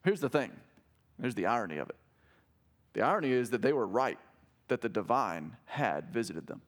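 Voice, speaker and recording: A man preaching a sermon as a pastor, reading scripture aloud with rising, animated emphasis. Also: medium pitch, normal speed. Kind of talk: expository sermon.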